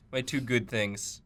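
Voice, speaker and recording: A young man co-hosting a casual drawing show, playful and quick to laugh. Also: medium pitch, a bit bright. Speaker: co-host. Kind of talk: casual chat while drawing.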